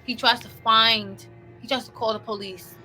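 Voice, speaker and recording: Brief: woman movie reactor, bright voice, loose and profane, repeats points. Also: a little high, fairly even intonation, normal speed, soft background music. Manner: profane, repetitive, opinionated retelling. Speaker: movie commentator. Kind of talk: casual movie reaction commentary.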